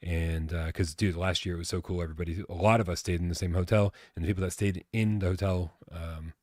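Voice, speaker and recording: A man with a low voice co-hosts a casual live gaming stream, rambling along, swearing freely and reading out viewer comments. The sound is close and dry, with no room around it. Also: steady tone, fast, a little mellow, no room sound. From Boston area. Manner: rambling, swears, reads chat aloud. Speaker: podcast co-host.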